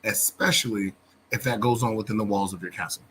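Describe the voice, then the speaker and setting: Bright-voiced, blunt-talking man. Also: on the low side, brisk, a little hiss or hum. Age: adult, a father. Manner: blunt, plain-spoken, swears casually. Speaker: men's circle participant. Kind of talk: casual group discussion.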